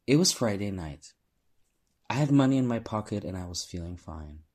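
A man narrates a novel at an even, measured pace. His voice sits low and carries a husky, slightly breathy grain. He shifts his voice to play the characters in the dialogue. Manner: measured storytelling, lifting voice for dialogue. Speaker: audiobook narrator.

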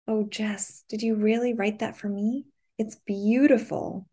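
A woman's voice: medium pitch, steady tone, measured pace, dark tone, pitched above the performer's own voice, natural voice. A woman reading the part of a tender, affectionate woman who speaks soothingly and calls her partner honey.

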